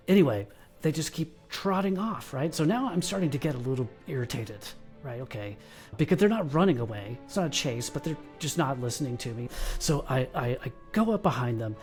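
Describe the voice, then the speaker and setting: A man playing a slow, hulking bounty hunter spins a meandering tale at the table, voice in a middle register, stumbling and restarting as he goes. Faint music plays underneath. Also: mid-range voice, a little mellow. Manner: rambling, halting delivery with restarts. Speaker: player. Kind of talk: in-character storytelling at a tabletop game.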